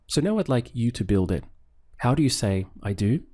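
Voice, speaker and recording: A man teaching a beginner language lesson on video, speaking in slow, deliberate, clearly spaced phrases. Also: fairly low pitch, lively intonation, dark tone.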